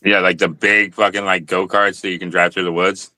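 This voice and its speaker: A man hosting a casual chat, telling laid-back, profane stories with frequent halting pauses. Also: deep voice, flat delivery, pushed and bright, no echo. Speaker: host.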